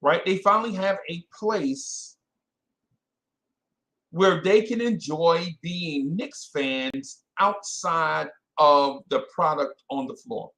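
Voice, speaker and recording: A man hosting a casual fan podcast, animated and self-correcting, calling out listeners by name. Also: fairly high pitch, slow. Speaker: podcast host. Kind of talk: casual live-stream chat with fans.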